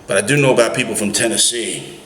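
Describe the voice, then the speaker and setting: Ranting cab driver, echoey room. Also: male voice, on the low side, quick pace, fairly bright tone, slight background noise. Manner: emphatic, heated, rhetorical questions. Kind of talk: opinionated political rant vlog. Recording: echoey room, faint ambience.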